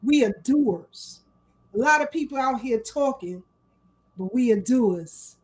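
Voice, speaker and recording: Fired-up woman hosting a live talk show, high voice, lots of shout-outs. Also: lively intonation, slow pace, low-quality recording. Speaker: host. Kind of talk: casual livestream talk show.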